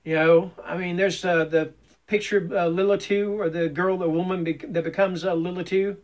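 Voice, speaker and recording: A man's voice: high voice, fairly even intonation, moderate pace. A man making a casual book tag video, rambling and correcting himself with lots of fillers, gushing about books he loves. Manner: enthusiastic. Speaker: booktube vlogger.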